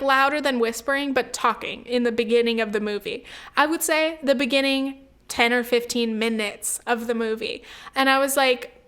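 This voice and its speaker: Chatty young woman, smooth voice. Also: sits high, fairly bright tone. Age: 20s. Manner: chatty, swears freely, full of "like" and "um". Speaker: podcast host. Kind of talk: casual solo podcast chat.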